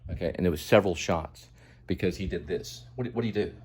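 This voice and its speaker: Deep-voiced man giving impassioned commentary. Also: fast talker, a little mellow, slightly rough. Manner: moralizing, emphatic, repeats points. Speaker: show host commenting on a video.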